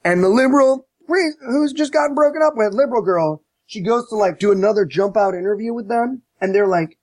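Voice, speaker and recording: His voice sits high and runs a little fast, with hardly any pauses, as he tears into a film on a laid-back podcast, swearing, dripping sarcasm, and yelling out lines in mocking voices. The recording is dry.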